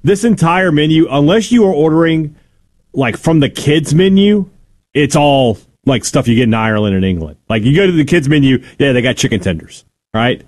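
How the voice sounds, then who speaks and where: A man's voice: on the high side, expressive, normal speed, a little mellow. A man co-hosting a sports talk radio show, joking and playful in casual banter.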